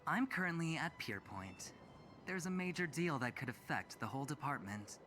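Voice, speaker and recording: A man's voice: fairly high pitch, animated, moderate pace, pushed and bright, soft background music. An actor playing a smug, teasing young male corporate gambler in a game. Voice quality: teasing, self-assured.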